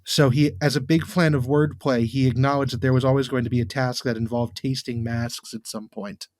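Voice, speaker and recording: A man co-hosting a podcast in casual chat, given to animated, exasperated rants. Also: medium pitch, a little fast, no room sound, clean studio sound. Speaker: podcast co-host.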